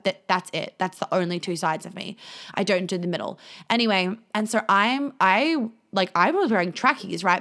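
A woman's voice: medium pitch, a bit bright. A woman, hosting a podcast, telling a story in a chatty way, swearing freely and laughing along. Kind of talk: casual storytelling monologue.

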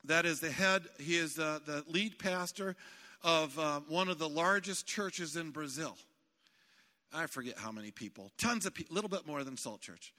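A male pastor preaching a sermon in a church, animated and emphatic, building to shouts. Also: fairly high pitch. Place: church sanctuary. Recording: long hall reverb.

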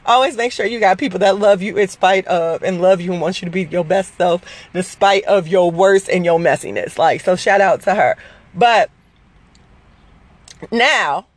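A woman's voice: on the low side, moderate pace, no echo. A woman in her forties telling a personal story in a casual, profane, rambling way, full of fillers. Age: 40s.

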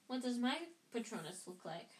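A woman's voice: a little high, very animated, normal speed. A woman voicing an eager teenage boy wizard who talks earnestly. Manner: earnest, trying hard. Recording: roomy echo.

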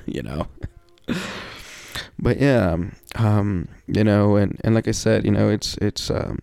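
Slow, gravelly man rambling to himself. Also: lowish voice, warm tone, dry recording. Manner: rambling, heavy "you know" filler, frequent swearing; reflective, wry, sighs and laughs between thoughts. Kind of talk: casual personal monologue.

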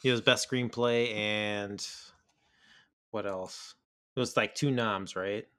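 Bright-voiced casual podcast host man. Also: on the low side, slow, no room sound, studio quality. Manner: relaxed, lots of fillers like "like" and "kinda". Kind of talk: casual movie discussion.

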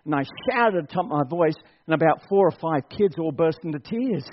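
A man preaching to his church congregation in a high, lively voice that swoops up and down as he urges them on and laughs along. The sermon recording sounds dull and lo-fi. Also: a little fast, slight background noise. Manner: animated, exhorting, laughs often. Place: church service.

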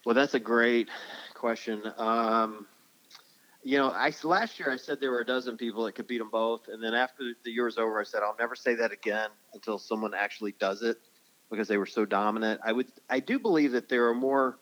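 A middle-aged man speaks as a podcast guest, answering questions at an easy, conversational pitch. He laughs often and wanders through long, rambling answers. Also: fairly quick, a bit bright, low-quality recording. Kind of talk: casual podcast interview.

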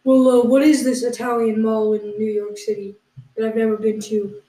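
On an improvised comedy podcast, a woman co-host with a slightly high, dark-toned voice quizzes her partner in mock exasperation. She speaks at normal speed with a level tone, filling her lines with ums and uhs, and the room is echoey.

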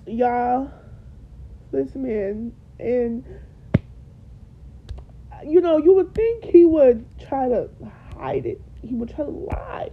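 A woman's voice: high-pitched, animated, takes it slowly, long pauses, slightly rough. A young woman hosting a podcast, telling her own story to listeners while tearful and repeating herself for emphasis. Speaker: podcast host. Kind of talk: emotional personal storytelling. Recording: dull lo-fi recording.

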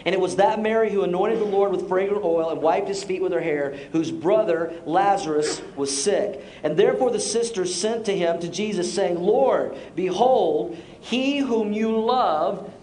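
A middle-aged man preaching a sermon, telling stories with restarts and dropping soft and low for serious points. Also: moderate pace, few pauses, a little hiss or hum. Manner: storytelling, repeats words as he restarts. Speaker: pastor.

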